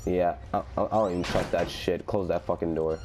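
A man's voice: deep voice, steady tone, a little fast, noisy background. A man commentating a horror game, swearing constantly and shrieking when scared. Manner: panicky, constant swearing, screams in fright. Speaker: gaming host.

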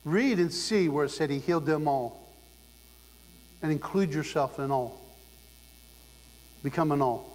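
A man's voice: on the high side, measured pace, pauses often, a little mellow. Emphatic preacher man in a reverberant hall. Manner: emphatic, exhorting the congregation. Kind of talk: sermon. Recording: long hall reverb with faint mains hum.

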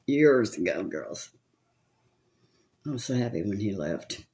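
In an unhurried bass voice with a darkish tone and big pitch swings, an older woman makeup vlogger from California gossips casually while putting on makeup. She has a Southern accent and a chatty, rambling manner, laughing frequently.

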